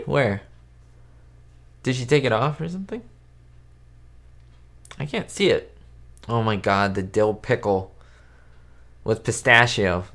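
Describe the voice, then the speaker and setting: A man hosting a casual live stream, chatting with viewers and answering their questions in a rambling way, with lots of fillers and restarts. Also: lowish voice. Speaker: YouTube host answering live chat. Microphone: webcam setup at home.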